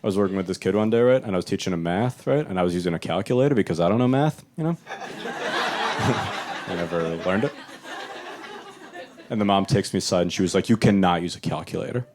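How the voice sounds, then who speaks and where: A young adult man doing stand-up in a small club, his fairly low voice swinging widely in pitch as he talks. The delivery is loose and conversational, and he jumps into exaggerated voices for the people in his stories. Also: expressive, a little fast, long pauses, noisy background. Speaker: stand-up comedian. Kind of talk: live stand-up set. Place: small club stage with live audience.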